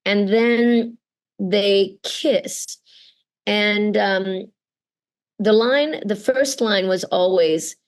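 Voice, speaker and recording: As a guest in an interview, a middle-aged voice actor from Canada talks earnestly and with expression, performing the voices of the people she quotes. She has a medium-pitched voice and takes her time.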